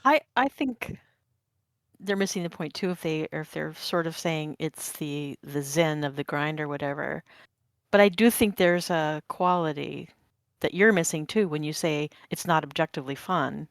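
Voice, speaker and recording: A woman's voice: low voice, no echo, studio quality. A woman co-hosting a gaming podcast in casual chat, thinking aloud and searching for words. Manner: thoughtful, halting, searches for words. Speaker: podcast co-host.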